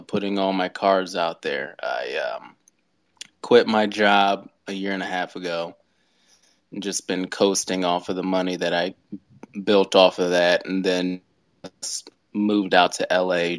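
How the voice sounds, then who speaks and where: A man, a stand-up comedian talking as a podcast guest, in a low-key, hesitant way with many fillers. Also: no echo, clean studio sound. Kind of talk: casual interview chat.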